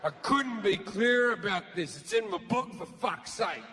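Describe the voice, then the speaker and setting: A man voicing God as a petulant, bigoted figure who shouts and throws tantrums in a stand-up routine. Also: high-pitched, expressive, normal speed, background noise. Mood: grumbling. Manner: shouting, indignant. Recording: live hall recording with audience.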